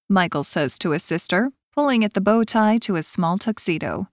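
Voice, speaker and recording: A woman's voice: medium pitch, expressive, moderate pace, hardly any pauses, no room sound, studio quality. A woman narrating a romance audiobook in first person, voicing the characters in turn.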